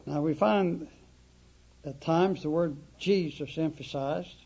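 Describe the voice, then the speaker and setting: A man preaching a sermon, emphatic and deliberate, stressing words through repetition. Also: fairly high pitch, gravelly, mellow, slightly rough. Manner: emphatic, slow, dramatic repetition. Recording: dull lo-fi recording.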